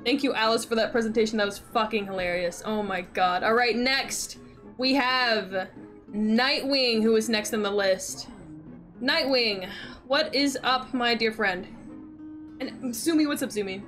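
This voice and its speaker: A woman's voice: fairly high pitch, measured pace, fairly bright tone, faint music behind. A woman hosting a live stream, chatting with a guest in a playful, mock-dramatic way and laughing often. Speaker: streamer host. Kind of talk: casual stream chat with a guest.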